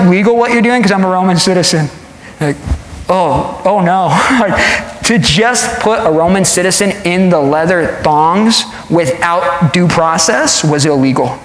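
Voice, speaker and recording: A male pastor preaching a sermon, telling the story with lively acted-out voices. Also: high-pitched, slight background noise. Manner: animated storytelling, acts out quoted voices. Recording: echoey hall.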